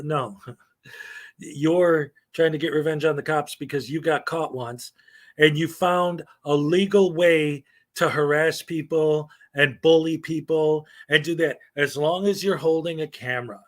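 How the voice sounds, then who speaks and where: Man, middle-aged, slightly high voice, live-stream commentary, rambling and opinionated, lots of ums. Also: steady tone, measured pace. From United States. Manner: rambling, opinionated, laughs often, many fillers.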